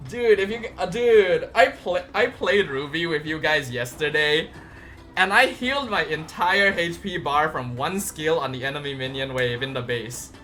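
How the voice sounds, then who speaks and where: A gaming video creator giving casual patch-notes commentary, excitable and quick to squeal with delight. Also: medium pitch, faint music behind.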